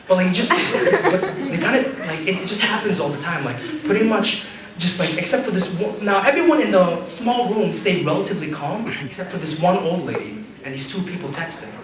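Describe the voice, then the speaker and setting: A man's voice: high-pitched, sing-song, a little fast, crowd noise. A young man doing an open mic stand-up set, rambling with fillers and laughing at his own jokes, recorded by a far camera in a campus restaurant. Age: young adult. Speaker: stand-up comedian. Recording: echoey room, far camera, background noise.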